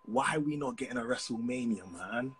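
A man's voice: mid-range voice, fairly quick, a little hiss or hum. A man with a British accent calling in to a live stream, chatting in a friendly way and laughing easily. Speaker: caller. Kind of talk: casual live video chat.

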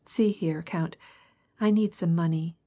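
A woman voicing a stern, fussy older countess who talks in a sharp, demanding way. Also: on the low side, steady tone, measured pace, slightly rough. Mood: coaxing.

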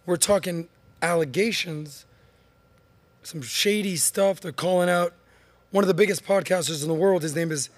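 A man's voice: high voice, normal speed, no echo. A man hosting a podcast in casual studio chat, upbeat and teasing his guests, with a voice he says is going. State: losing his voice. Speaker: podcast host.

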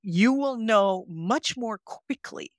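A woman's voice: a little high, takes it slowly, no echo, clean studio sound. Earnest older woman telling stories. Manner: earnest, animated storytelling. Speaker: guest psychotherapist. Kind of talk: podcast interview.

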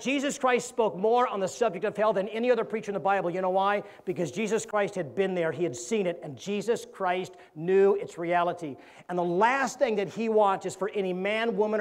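Man, evangelist, high voice, sermon, storytelling, does voices for the joke. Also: a little fast. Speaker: evangelist preacher.

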